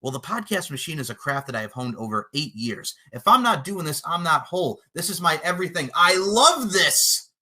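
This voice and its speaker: A man's voice: a little high, big pitch swings, moderate pace, hardly any pauses, pushed and bright. A man with a brash, boastful manner, cutting a profane, taunting wrestling trash-talk promo as a podcast personality.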